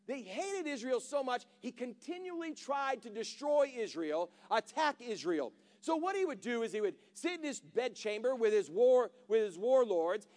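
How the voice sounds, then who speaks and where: A high-voiced male preacher delivering a sermon. He tells the story in loose, everyday words, then builds to loud rallying calls for an amen. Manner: casual storytelling, building to shouted exhortation.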